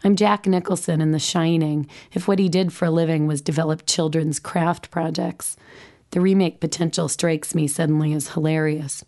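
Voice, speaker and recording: A woman in her forties reads her memoir aloud, wry and self-deprecating. Her voice is low for a woman and mellow. She keeps a warm, unhurried reading tone. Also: fairly even intonation. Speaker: memoir narrator, mother. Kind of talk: audiobook memoir narration.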